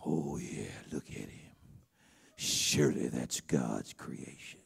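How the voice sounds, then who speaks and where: Male pastor playing a low, seductive soul-singer impression; slow, breathy croon. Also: in a whisper, heavily acted.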